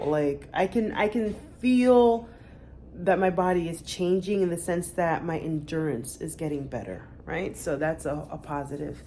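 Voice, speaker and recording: A woman's voice: on the low side, expressive, normal speed, a little mellow, a little hiss or hum. A woman in her thirties, chatting candidly to the camera for her vlog, with lots of fillers. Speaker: vlogger. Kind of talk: casual chat to camera.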